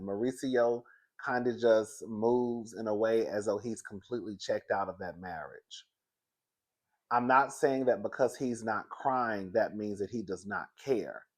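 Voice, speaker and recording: A man in a casual, gossipy chat recapping a reality show, animated and laughing often, speaking. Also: mid-range voice. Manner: chatty, gossipy and animated, laughs often, says "girl" a lot.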